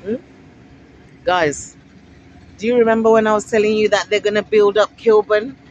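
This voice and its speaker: A woman's voice: mid-range voice, normal speed, pauses often, a little hiss or hum, low-quality recording. Chatty woman vlogging on a street. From Africa. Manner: chatty and repetitive, full of rhetorical questions, gets excitable. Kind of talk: casual walking vlog to camera. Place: outdoors on a busy town street.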